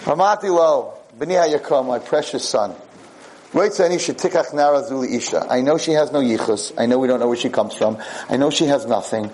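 A man giving a religious lecture, telling a story in a lively way and acting out what the characters say. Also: mid-range voice, fairly quick, a little hiss or hum, low-quality recording.

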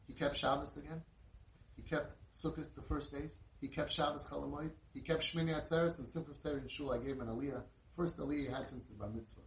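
A middle-aged man tells an inspirational story, animated and full of Yiddish and Hebrew words. His voice sits at an ordinary pitch. He is picked up from a distance in a roomy, echoing space, with faint noise underneath. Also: vocal fry. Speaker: inspirational speaker.

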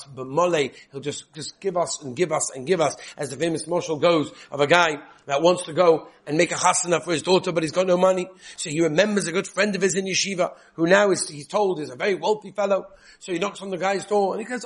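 A man giving a sermon as a rabbi, telling parables with lively storytelling and Hebrew and Yiddish terms. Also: on the high side, slightly rough.

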